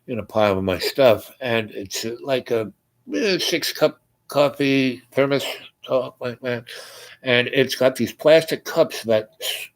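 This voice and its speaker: A man hosting a show, telling a long personal story in a meandering, halting way and acting out the dialogue. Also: mid-range voice, low-quality recording. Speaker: host.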